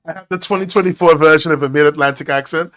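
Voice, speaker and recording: A man's voice: on the high side, fast talker, fairly bright tone. A man streaming while he draws, chatting casually in a neutral northeastern American accent, rambling and teasing. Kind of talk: casual chat while drawing.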